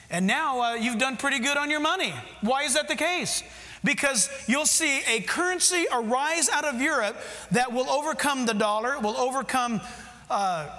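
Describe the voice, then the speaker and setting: A man preaches a sermon in a very high, bright, forceful voice. He talks emphatically and puts direct questions to his listeners. The sound carries a long hall reverb. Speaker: pastor.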